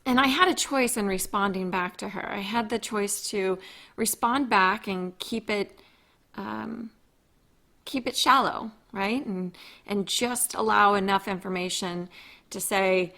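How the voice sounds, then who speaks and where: A woman hosting her own podcast, talking in an earnest, confiding way, slow and thoughtful, with frequent restarts. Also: medium pitch, a bit bright. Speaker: podcast host. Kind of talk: reflective solo podcast talk.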